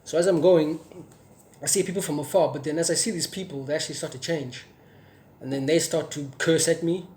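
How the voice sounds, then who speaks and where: A man's voice: a little high, steady tone, fairly quick, a little mellow. A young man from South Africa giving a personal testimony in an earnest way, with many fillers and restarts and an occasional stutter. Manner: stutters sometimes. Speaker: testimony speaker.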